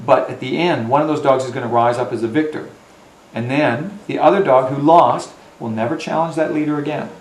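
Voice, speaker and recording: A man's voice: on the high side, a little mellow, a little hiss or hum. A male dog trainer speaking emphatically to a dog owner in a home, often checking in with "Okay?". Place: indoors in a home. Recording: echoey room with faint ambience.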